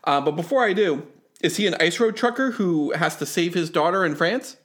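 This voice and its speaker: A man whose voice sits high and sounds fairly bright talks animatedly and fairly quickly while co-hosting a casual movie chat. He rambles in stammering bursts, restarting often and using lots of fillers.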